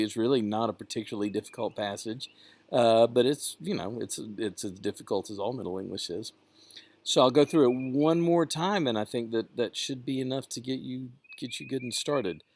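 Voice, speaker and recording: A man teaching a class, reading verse aloud and explaining how to pronounce it, unhurried and with frequent fillers. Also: mid-range voice, a little mellow, no room sound.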